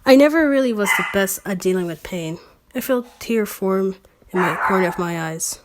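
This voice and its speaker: A woman's voice: medium pitch, lively intonation, moderate pace, noisy background. Woman host, mocking fanfic read-through, sarcastic asides, trips over words. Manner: sarcastic asides, slips and self-corrections. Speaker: channel host. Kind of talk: mocking reading of fan fiction.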